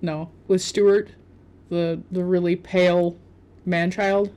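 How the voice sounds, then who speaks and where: A woman's voice: fairly low pitch, flat delivery, warm tone. Podcast cohost lady, jokey, chatty, throws in quips. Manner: joking, quick asides. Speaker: podcast co-host. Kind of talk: casual chat.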